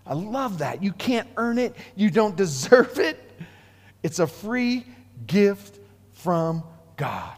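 A man with a high voice preaches a sermon, shifting from hushed lines to loud, animated bursts and acting out the people he quotes. His voice rings with a long reverb from a church hall. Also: measured pace.

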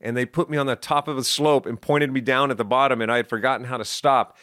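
A middle-aged man telling stories from his life as an interview guest, lively and self-deprecating with quick asides. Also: medium pitch. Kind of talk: casual storytelling interview.

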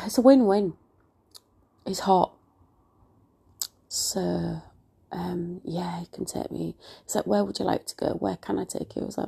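A woman's voice: lowish voice, fairly even intonation, a little slow, gravelly, pauses often, darkish tone, husky. A woman rambling through a casual podcast monologue while unwell, often sinking into a whisper. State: unwell with a virus.

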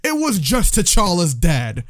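Animated, swearing podcast guy. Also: high-pitched, takes it slowly, no room sound, studio quality. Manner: profane, animated, incredulous ranting. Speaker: podcast co-host. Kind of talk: casual chat.

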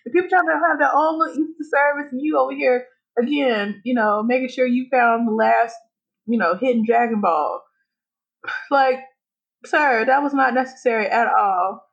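A woman's voice: high voice, moderate pace, creaky, husky. A woman co-hosting a podcast in casual chat, blunt and profane, laughing often. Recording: dull lo-fi recording.

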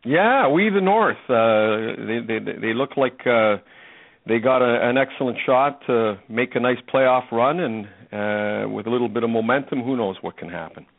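A man from Canada calling in to a radio show as a guest author, eager but halting, with many fillers. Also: mid-range voice, creaky, no echo. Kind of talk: phone-in radio interview. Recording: tinny phone line.

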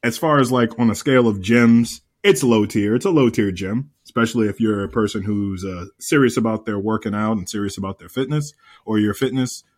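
A man co-hosting a podcast in casual chat, an animated storyteller who repeats himself and swears freely. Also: lowish voice, brisk. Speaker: podcast co-host.

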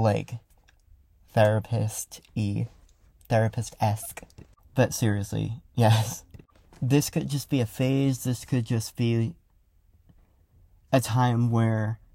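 A young man hosting a casual solo podcast, talking loudly and rambling with lots of fillers as he reflects. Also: medium pitch, dry recording. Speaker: podcast host. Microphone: close studio mic.

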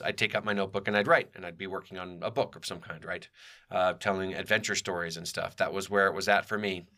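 A man's voice: on the low side, sharp tone. A man in his forties telling personal stories in a rambling way, with many fillers and restarts. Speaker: podcast host. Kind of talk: personal storytelling.

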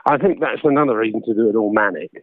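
A man, a voice actor and audiobook narrator, chatting casually in an interview, self-deprecating and quick to laugh. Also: on the low side, dry recording. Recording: tinny phone line, dry.

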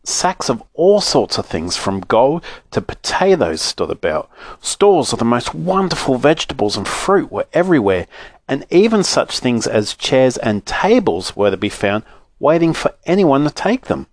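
A man with a mid-range voice reads a children's storybook aloud at normal speed, expressive and animated, on a dry recording.

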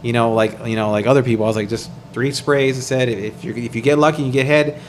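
A man telling a story in casual chat, animated and profane, acting out what he and others said. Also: mid-range voice, quick pace, slight background noise. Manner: animated, profane, acts out quoted dialogue.

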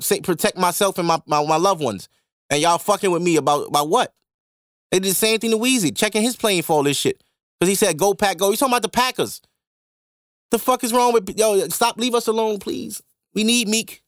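Podcast host, male, high-pitched, animated profane rant, dry close sound. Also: no echo. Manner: animated, profane ranting with swings into loud mock outbursts. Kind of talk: casual monologue.

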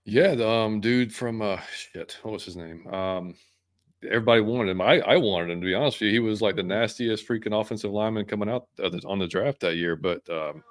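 A man with a fairly low voice talks fast in loose sports banter, and his words come through close and dry. He rushes his thoughts and fills the gaps with casual asides. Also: dry recording. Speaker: podcast co-host.

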